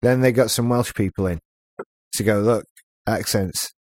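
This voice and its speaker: A man's voice: medium pitch, moderate pace, a little mellow, dry recording. Male co-host, mid-range voice, wry, joking, dry close recording. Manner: wry, joking, trivia-minded. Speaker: podcast co-host. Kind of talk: casual chat.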